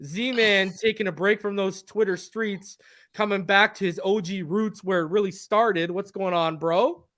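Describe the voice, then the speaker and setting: A high-pitched man hosts a live fan stream after the game. He talks fast and hyped, crowing over the result and rallying the viewers. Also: steady tone, a bit bright. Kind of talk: live sports fan show chat.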